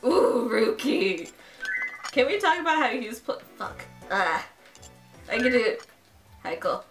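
A young woman narrates a dating-game playthrough in a casual, swinging voice that jumps all over her pitch range. She is excitable and crude, swears freely, and loud game music plays in the background. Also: a little slow. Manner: excitable, crude, profane fangirling. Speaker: gaming channel host. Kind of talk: casual let's-play commentary.

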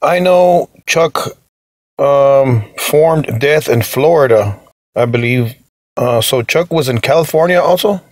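Slow-speaking male podcast host. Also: mid-range voice, dry recording. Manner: slow, measured questions. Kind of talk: interview questions.

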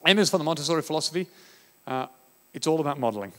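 A man from Australia giving a conference talk on education, animated and acting out classroom scenes. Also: fairly high pitch, very fast. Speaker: education speaker. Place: conference hall. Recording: reverberant hall.

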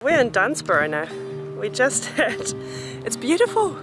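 Her voice sits on the high side and swoops wildly in pitch, a little slow, heard over music on a low-quality recording. The young woman is a cheerful, often-laughing travel vlogger chatting to a handheld camera at a beach and a busy reptile park, occasionally talking to her toddler.

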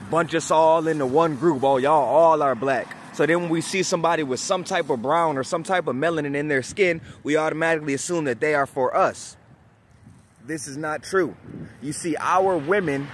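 A man's voice: a little high, normal speed, a bit bright, a little hiss or hum. A man vlogger speaking outdoors in an impassioned monologue to the camera, emphatic and preachy, repeating phrases for effect.

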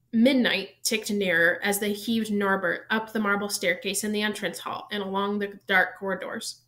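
A woman reading a children's novel aloud, narrating in an even, steady storytelling manner. She keeps the flow plain, now and then catching and fixing a slipped word. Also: mid-range voice. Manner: even storytelling pace, small self-corrections. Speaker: reader.

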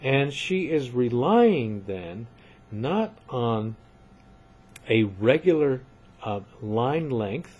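A man giving a recorded literature lecture, measured and emphatic, often repeating points for his students. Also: mid-range voice, big pitch swings, darkish tone, husky, dull audio.

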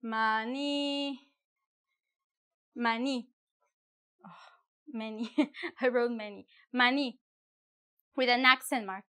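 A woman from Mexico, teaching words in a casual video lesson, chatty and slowing down to pronounce examples carefully. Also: on the high side. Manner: animated, slow careful pronunciation of example words; chatty with self-corrections and small laughs. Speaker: Spanish teacher.

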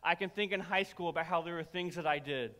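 Young male pastor, sharp bright tone, comic storytelling sermon, long church reverb. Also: a little high, fast. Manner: humorous storytelling, animated and self-deprecating. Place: church sanctuary.

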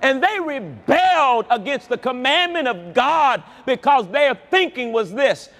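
A man preaching a sermon at a large convention, with an animated delivery that swings between loud high calls and low quiet asides. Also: measured pace, slight background noise. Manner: animated preaching with wide swings in pitch and loudness. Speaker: pastor.

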